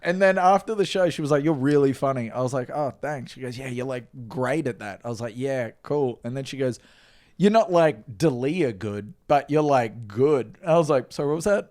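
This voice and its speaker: A man's voice: medium pitch, moderate pace. A man, co-hosting a casual comedy podcast, telling stories and acting out quotes. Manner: animated storyteller, acts out quotes.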